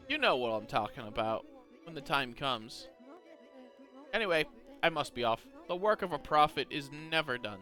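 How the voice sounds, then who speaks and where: A man's voice: a little high, pushed and bright. A man reading aloud as a smug, lofty young male prophet swordsman, in a theatrical, teasing manner. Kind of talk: reading game dialogue aloud.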